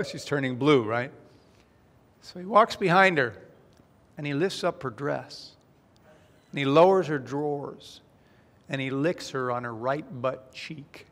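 A man giving a playful, lively conference talk about his book, telling a joke to the audience. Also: medium pitch, measured pace, pauses often. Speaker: speaker presenting his book. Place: large conference hall. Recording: long reverb of a hall.

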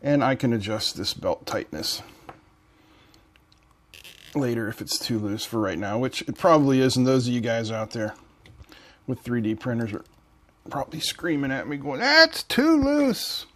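A man's voice: medium pitch, normal speed, pauses often, a little hiss or hum. A man hosting a hobby channel, talking casually through a build while joking and thinking aloud. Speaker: electronics hobby channel host.

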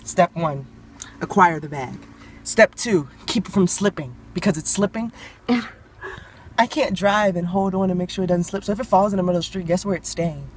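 A woman's voice: lowish voice, normal speed, a little hiss or hum. Young woman, chatty and giggly, phone-camera vlog. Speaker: vlogger. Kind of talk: casual vlog chat and storytelling. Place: car, partly.

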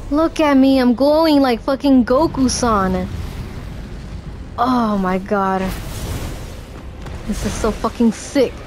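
A woman doing let's play commentary, excitable and cheering herself on, swearing freely, with game music behind. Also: fairly high pitch. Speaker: gamer. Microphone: headphones.

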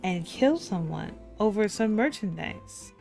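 A woman's voice: mid-range voice, lively intonation, unhurried, gravelly, a little mellow. A young adult woman streamer giving blunt, exasperated commentary while playing and reading a game aloud. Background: faint game music.

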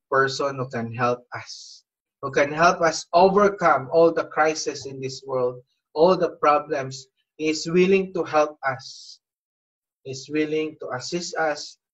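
A man's voice: mid-range voice, a bit bright, dull audio. A man preaching a devotional sermon as a pastor, earnest and exhorting, with frequent "you know" fillers.

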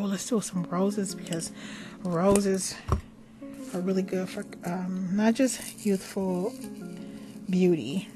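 An older woman talks her way through a home craft tutorial at a mid-range pitch. She rambles cheerfully, affirms herself, and now and then drops into a soft whisper. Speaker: craft and magic video host.

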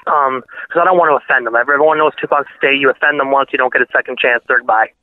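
A man telling a story in a casual interview, excitable and laughing, acting out what others said. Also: medium pitch, fast talker. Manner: excitable, laughing, acts out quotes. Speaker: radio host and guest. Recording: dry tinny phone line.

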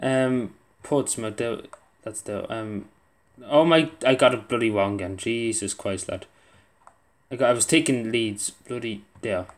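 A man's voice: medium pitch, measured pace. A young man giving casual gameplay commentary, muttering to himself and swearing under his breath as he plays. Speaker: gaming video creator.

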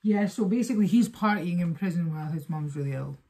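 A young woman chats through a music video reaction, openly emotional and speaking straight to her viewers. Her voice sits a little low with a husky, breathy edge. She talks in a loose, casual, conversational way. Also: animated, fast, a little mellow.

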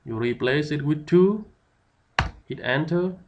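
A man's voice: a little high, animated, slow, noisy background. A man giving a tutorial, explaining step by step with many fillers. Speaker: instructor. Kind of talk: screen-recorded software tutorial.

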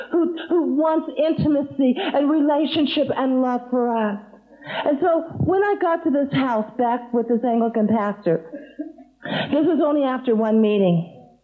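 A woman preacher telling stories in a sermon, emotional, her voice often breaking as if near tears. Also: sits high. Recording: tinny phone-like sound.

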